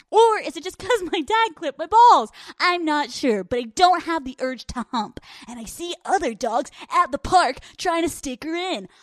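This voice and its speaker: Woman voicing a goofy, dim pet dog, high and giddy, dry close sound. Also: dry recording. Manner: high, excited, silly. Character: dopey neutered male pet dog, chirpy and dim.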